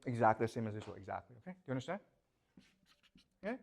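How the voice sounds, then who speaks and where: A man's voice: mid-range voice, big pitch swings, racing, creaky. A man giving a classroom lecture, posing rhetorical questions and constantly checking that his students follow.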